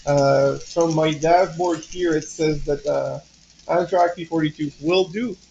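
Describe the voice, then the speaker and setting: A man's voice: a little high, steady tone, measured pace, vocal fry, warm tone, dull audio, slight background noise. A man with a French Canadian accent, hosting a casual model train livestream from home, rambling with lots of fillers and restarts. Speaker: livestream host.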